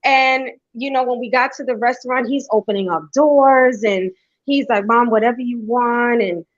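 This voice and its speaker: A middle-aged woman hosts a podcast, speaking in a slightly high voice at a moderate pace. She tells a heartfelt story in casual conversation as an animated storyteller who acts out the quotes. The recording is dry, dull and lo-fi, with no echo.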